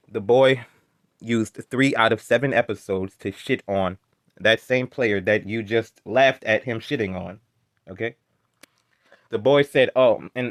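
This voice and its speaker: A man's voice: medium pitch, no room sound, clean studio sound. Exasperated man ranting over a clip. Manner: exasperated, heckling, stammering. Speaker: reaction video host. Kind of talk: casual reaction rant.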